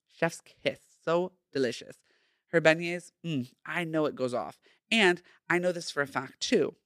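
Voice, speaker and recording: A man's voice: mid-range voice, fairly bright tone, no echo, studio quality. A young man hosting a casual solo podcast, sassy and playful, full of slang. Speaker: podcast host.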